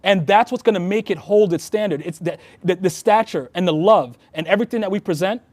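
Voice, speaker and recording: A man's voice: high-pitched, fairly quick, a little mellow, dry recording. A man, a Freemason and past master, earnestly telling heartfelt stories in a casual conversation.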